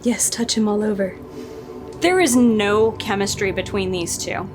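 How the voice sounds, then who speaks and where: A woman's voice: medium pitch, unhurried, over music. A woman casually reviewing a show against the book, sarcastic and exasperated as she reacts.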